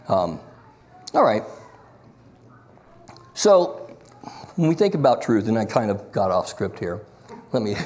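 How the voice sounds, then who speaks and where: A man leads a church Bible class with a lively, swinging voice. He talks loosely, cracking small jokes and wandering off his script before steering back. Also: fairly low pitch, a little hiss or hum.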